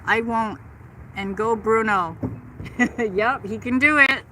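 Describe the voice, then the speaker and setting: Middle-aged woman hosting a livestream, chatty and gushing; keen, bright, slightly high voice; outdoors on a handheld phone, faint noise behind. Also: slow pace, poor audio. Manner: chatty and gushing, reads out and answers chat. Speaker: livestream host. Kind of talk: casual live chat with viewers. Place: outdoors in a park.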